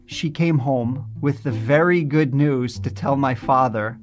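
A man's voice: medium pitch, steady tone, measured pace, few pauses, faint music behind. A man from New Jersey telling his personal testimony in an earnest, reflective storytelling manner. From New Jersey, USA. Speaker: testimony speaker.

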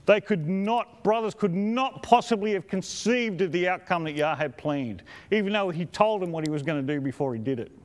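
An enthusiastic man preaching a sermon, his voice pitched high for a man. He speaks with admiring emphasis and little chuckling asides. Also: animated, moderate pace, few pauses.

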